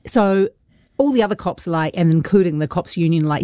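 A woman's voice: lowish voice, fairly quick, dry recording, studio quality. Gushing woman reviewing films. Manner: gushing, enthusiastic, animated. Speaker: film reviewer. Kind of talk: casual radio film review chat.

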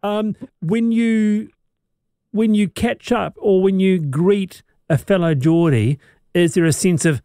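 Mellow-voiced male radio host. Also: sits high, takes it slowly, clear, resonant tone, dry recording, studio quality. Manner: lively, laughing, repeats words. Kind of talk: radio talk show hosting.

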